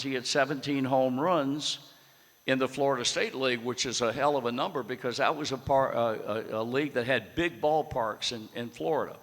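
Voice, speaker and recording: A blunt older man with a bright, forceful voice spins a salty story for an audience. His words ring with the long reverb of a big hall. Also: mid-range voice. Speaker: guest speaker.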